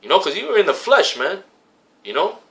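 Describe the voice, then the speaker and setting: A man's voice: high-pitched, sing-song, fairly quick, a bit bright. A man preaching casually, quoting scripture and recasting it in profane street slang, repeating phrases for emphasis. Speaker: religious camp member preaching.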